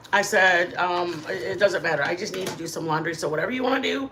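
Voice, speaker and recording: A middle-aged woman hosting a casual livestream from her living room, telling rambling, animated stories to her chat. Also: fairly low pitch, fairly quick, a little hiss or hum. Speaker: channel host.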